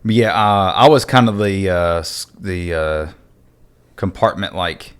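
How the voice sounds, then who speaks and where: A man in his thirties with a notably low voice speaks as a guest in a relaxed conversation. He talks haltingly, with frequent fillers and restarts. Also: clean tone. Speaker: podcast guest, Navy veteran. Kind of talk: casual conversation.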